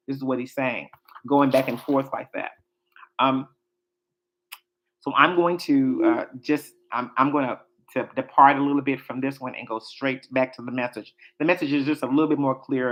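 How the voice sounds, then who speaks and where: A man's voice: medium pitch, dull audio. A man giving a sermon, reading scripture aloud and breaking off into casual asides that explain it. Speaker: preacher.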